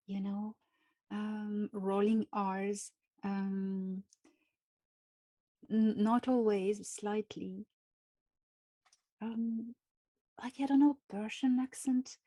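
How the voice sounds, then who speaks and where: A woman with a French accent, a native French speaker answering interview questions in English, speaking slowly and carefully with frequent hesitations. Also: medium pitch, warm tone, no echo. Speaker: guest.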